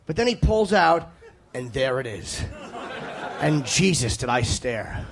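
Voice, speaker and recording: A man's voice: mid-range voice, sing-song, a little slow. A male stand-up comedian telling a crude, self-mocking story with punchy timing over live audience laughter. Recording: live set with audience laughter and room noise.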